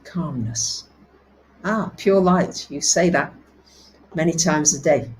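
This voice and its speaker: A woman hosting a live astrology talk, speaking, reading out viewers' comments and dropping soft and low for calm affirmations. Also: unhurried, a little hiss or hum, poor audio. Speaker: astrology host.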